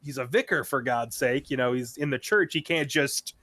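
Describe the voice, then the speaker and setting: A man's voice: mid-range voice, moderate pace, bright, forceful tone. A man co-hosting a podcast, retelling a show in a rambling casual chat full of fillers and quoted lines. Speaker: podcast co-host.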